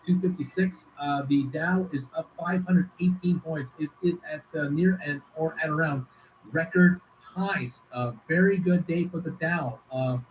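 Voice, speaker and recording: A man's voice: on the high side, lo-fi sound, slight background noise. Rambling man hosting a livestream. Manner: rambling, many fillers and restarts, reads viewer comments aloud. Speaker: livestream host. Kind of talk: casual livestream chat.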